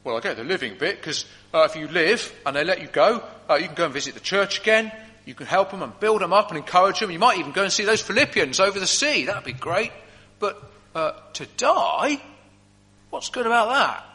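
A man's voice: high voice, lively intonation, brisk, pushed and bright, pitched above the performer's own voice. A preacher playing a curious male Roman prison guard who chats eagerly, in a long hall reverb. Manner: eager, chatty questioning.

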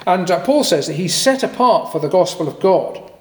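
Animated preacher in an echoey hall. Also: male voice, sits high, moderate pace. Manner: animated, conversational, with fillers and asides. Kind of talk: sermon. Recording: echoey hall with long reverb.

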